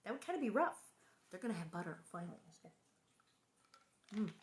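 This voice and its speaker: A woman's voice: medium pitch, sing-song, fairly quick. A woman reading a children's novel aloud to viewers, breaking off for playful, chatty asides and answering comments. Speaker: reader hosting a book reading stream.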